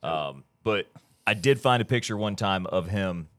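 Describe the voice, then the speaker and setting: A man's voice: deep voice, lively intonation, a little slow, a bit bright, dry recording. A man hosting a podcast, laid-back and joking as he steers the conversation. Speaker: podcast host. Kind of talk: casual chat.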